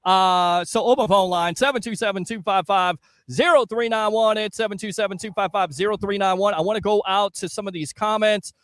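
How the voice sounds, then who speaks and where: Male sports talk host, high voice, energetic, dry close sound. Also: a little fast, hardly any pauses, no room sound. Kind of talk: sports call-in show.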